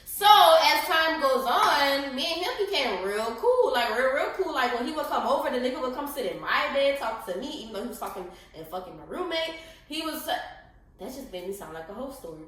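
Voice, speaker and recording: Animated, foul-mouthed young woman in echoey room. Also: high-pitched, a little fast. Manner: animated, profane, mimics others in quotes. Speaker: podcast co-host. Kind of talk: casual storytelling chat.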